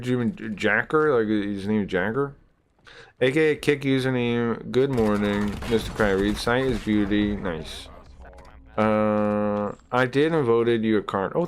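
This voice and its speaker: A man with a lowish voice talks loosely to his live chat, trailing off and circling back as he reads through numbers. A light hiss and occasional clicks sit under the recording. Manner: loose and rambling, talking to chat and tallying numbers aloud. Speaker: live streamer. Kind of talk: casual live-stream chat.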